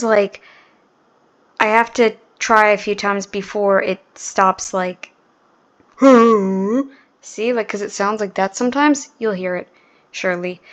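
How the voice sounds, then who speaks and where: A woman's voice: a little high, fairly bright tone. A woman hosting a reaction video, talking in a casual, sarcastic and mocking way.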